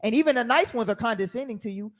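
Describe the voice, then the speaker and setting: A man giving an animated, sermon-style Bible teaching, telling stories and acting out the voices of others. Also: extremely high pitch, fast.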